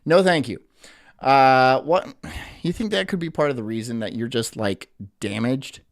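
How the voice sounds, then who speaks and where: Male streamer host, mid pitch, very lively delivery, crude mocking commentary. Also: normal speed. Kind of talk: casual reaction commentary.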